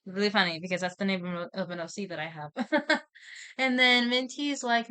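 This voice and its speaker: A woman's voice: mid-range voice, normal speed, sharp tone, clear, resonant tone. A woman streamer casually retelling a story, rambling with lots of repeated "and then"s, swearing and laughing often.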